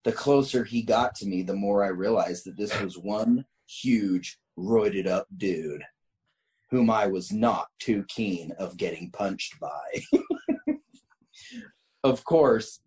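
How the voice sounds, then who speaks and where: A man's voice: lowish voice, slow, darkish tone, rough recording. Man reading a story aloud, amused. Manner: reads in a dramatic storytelling tone, laughing and stumbling over lines. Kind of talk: casual group chat, reading a listener story.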